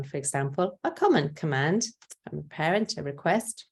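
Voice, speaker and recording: An older woman giving a talk on parenting, explaining gently and patiently and acting out short examples of what to say to a child. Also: sits low, animated, normal speed, breathy edge. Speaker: parenting speaker.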